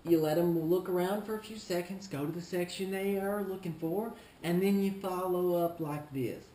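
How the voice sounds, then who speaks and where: A man playing a smug, self-important male shoe store clerk in a comedic vlog monologue, talking in a deliberate, condescending way. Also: high-pitched, dark tone, slight background noise, natural voice. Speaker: shoe store employee character. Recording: roomy echo, faint ambience.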